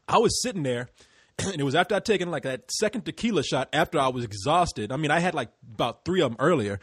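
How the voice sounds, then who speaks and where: An American man hosting a podcast, telling stories in a lively, profane, laughing way. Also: fairly high pitch, fast, breathy edge, no room sound, clean studio sound. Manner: animated storyteller, swears freely, laughs a lot. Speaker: podcast host. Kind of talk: casual podcast chat.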